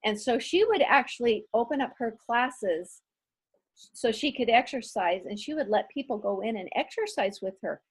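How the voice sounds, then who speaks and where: A middle-aged woman, a guest author, telling stories in an animated, self-deprecating way during a casual interview. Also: a little high, normal speed, husky.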